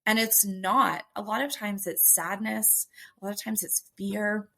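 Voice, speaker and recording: A woman's voice: mid-range voice, unhurried, vocal fry. A woman guest on a podcast, explaining her ideas emphatically and acting out the voices in people's heads. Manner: animated, acts out inner voices, emphatic. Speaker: guest, stress coach. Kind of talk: explaining in an interview.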